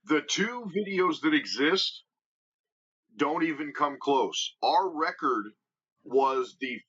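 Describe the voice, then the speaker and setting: A man with a Midwestern American accent, guest on a podcast, telling stories in an animated, emphatic way and acting out what others said. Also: fairly high pitch, slow pace, slightly rough. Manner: animated storyteller, emphatic, acts out quotes. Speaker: guest wrestler. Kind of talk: casual storytelling interview. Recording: dull lo-fi podcast audio.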